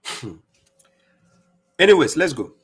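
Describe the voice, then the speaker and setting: A man giving scolding religious commentary on a live stream, mocking opponents and reading verses slowly. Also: fairly high pitch, sing-song, slightly rough. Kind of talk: preaching commentary on played clips.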